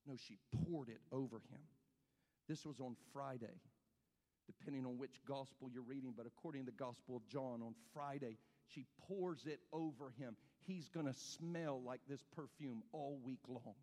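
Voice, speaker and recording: A man preaching a sermon with passion, swinging between shouted peaks and hushed stretches. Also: mid-range voice, normal speed. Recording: long reverb of a large hall.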